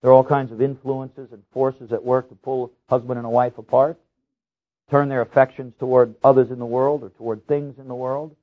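A male pastor delivers a sermon in an earnest, storytelling way. His pitch sits mid-range for a man and jumps upward when he stresses a point, and he circles back to repeat key phrases. The recording is thin and tinny, like a phone line. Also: normal speed. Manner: storytelling with lively rises in pitch.

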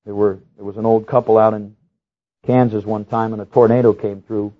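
Earnest male preacher on a tinny recording. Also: brisk. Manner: earnest, repeats key phrases for emphasis; storytelling with lively rises in pitch. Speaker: pastor. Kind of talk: sermon. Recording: tinny, phone-like sound.

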